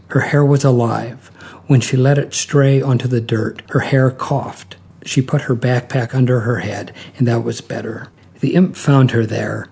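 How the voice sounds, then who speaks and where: Gravelly, husky male story narrator. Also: medium pitch, warm tone. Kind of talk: reading a short story aloud.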